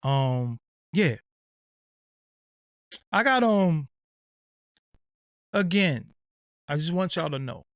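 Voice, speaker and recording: A man's voice: fairly high pitch, expressive, extremely slow, pauses often, dry recording, clean studio sound. A man hosting his own livestream, ranting bluntly and casually with profanity and lots of fillers. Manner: blunt, profane, streetwise, rambling. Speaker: channel host.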